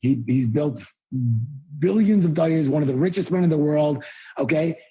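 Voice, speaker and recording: A man delivers a live motivational seminar in a fairly high, slightly rough voice at a moderate pace. Blunt and emphatic, he fires rhetorical questions at the audience and often breaks into loud exclamations.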